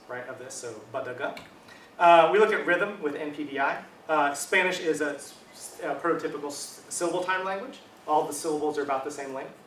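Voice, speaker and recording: A middle-aged man gives a relaxed academic lecture in a somewhat high voice. He talks conversationally, checks in with the audience, and stops to rephrase. He is recorded from across an echoey room, with faint room noise behind him. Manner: casual, conversational lecturing with frequent "um", "right?". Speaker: university linguistics lecturer. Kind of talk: academic talk. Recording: echoey room, mic at a distance.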